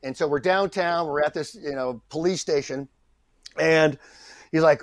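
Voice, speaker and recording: A middle-aged man, a guest actor on a podcast, telling a story in a lively way, acting out the people he quotes and often restarting his sentences. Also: fairly high pitch, measured pace, no room sound. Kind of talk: anecdotal storytelling in a podcast interview.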